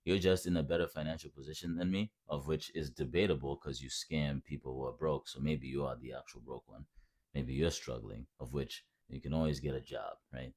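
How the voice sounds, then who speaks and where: A man's voice: rumbling low, fairly even intonation, a little fast, a little mellow, breathy edge. A man in his twenties telling his own story in a heated, profane, mocking rant.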